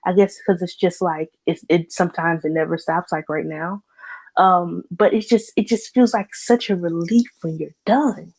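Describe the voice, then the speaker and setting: A woman's voice: fairly low pitch, fairly even intonation, moderate pace, darkish tone, rough recording. A woman hosting a solo rant podcast, blunt and opinionated, rambling with restarts and cursing freely, talking into a computer mic. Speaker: podcast host. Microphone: computer mic via voice chat recording bot.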